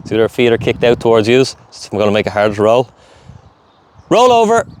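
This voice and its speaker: A man's voice: fairly low pitch, level tone, fast talker, darkish tone. A man dog trainer giving commands, cheerful praise and running explanations during a live training session outdoors. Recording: outdoor background noise.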